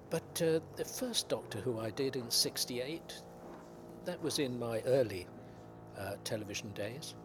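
An older man from England's West Country, an actor guest reminiscing in unhurried anecdotes about his career. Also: mid-range voice, background noise. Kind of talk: reminiscing interview.

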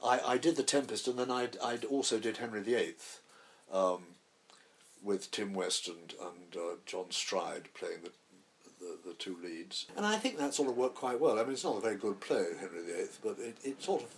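A man's voice: lowish voice, expressive, moderate pace, slight background noise. An actor in his eighties, a man, rambling through theatre anecdotes in an interview, often restarting his sentences. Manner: rambling storyteller, many restarts. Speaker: actor, guest.

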